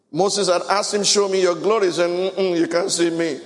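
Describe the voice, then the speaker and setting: Preacher with a high voice. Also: male voice, steady tone, normal speed, few pauses, in a large hall. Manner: preaching with Bible reading, asides and bursts of song. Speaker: pastor. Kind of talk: sermon. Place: church worship service.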